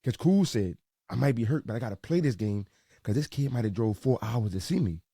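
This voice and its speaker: A young man from Baltimore, a sports reporter guesting on a podcast, talking earnestly with a few halting restarts. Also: mid-range voice, lively intonation, warm tone, breathy edge, dry recording, clean studio sound. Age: young adult. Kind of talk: casual podcast chat.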